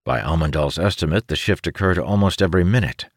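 A man narrating a fantasy audiobook in a measured, expressive storytelling manner. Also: sits low, no room sound, clean studio sound.

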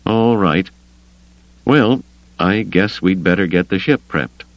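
A man's voice: deep voice, takes it slowly, dry recording, dull audio, voice pushed up. A man voicing a stubborn, worried smuggler pilot in an audiobook, blunt and brooding. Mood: agreeable.

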